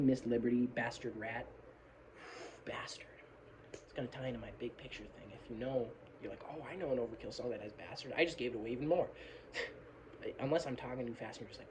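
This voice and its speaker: A man's voice: medium pitch, fast talker, background noise. A man talking through song lyrics in a casual, rambling way, apologising often and swearing freely, recorded on a phone. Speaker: metal fan analysing song lyrics. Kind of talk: casual rambling video commentary. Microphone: phone camera.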